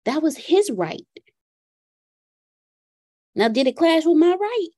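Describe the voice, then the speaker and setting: High, mellow-voiced woman telling a story. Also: slow pace. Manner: animated, acts out her son's and her own lines. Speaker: podcast participant sharing a story. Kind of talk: casual storytelling in a group call.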